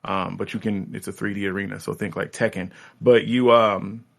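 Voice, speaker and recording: Congested man with a gravelly voice. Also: lowish voice, fairly even intonation, moderate pace. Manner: rambling, laid-back, lots of ums. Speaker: podcast co-host. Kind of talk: casual gaming chat.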